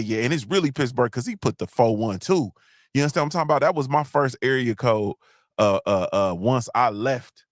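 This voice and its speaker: A man hosting a casual podcast chat, rambling loosely through stories and shout-outs and often checking in with "you understand what I'm saying.". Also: mid-range voice, dry recording, studio quality. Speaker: podcast host.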